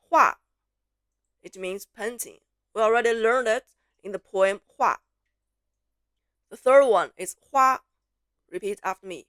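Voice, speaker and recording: A woman teaching pronunciation, slowly repeating syllables and words for learners to copy, switching between English explanations and drills. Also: medium pitch, lively intonation, a bit bright, no room sound, clean studio sound. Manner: slow, clear repetition, drawn-out syllables for learners. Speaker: Mandarin teacher.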